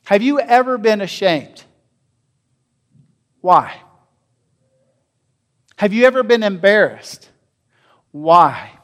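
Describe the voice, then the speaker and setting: A man preaching a sermon as pastor, asking his listeners questions and swinging between loud and quiet. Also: sits high, animated, slow pace, pauses often. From North America. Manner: asks the congregation questions, varies loudness widely.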